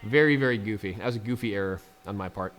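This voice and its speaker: A man's voice: fairly low pitch, fast talker, a bit bright, faint music behind. Chatty man doing game commentary. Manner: chatty, laughs often, talks to game units. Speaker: let's play gamer.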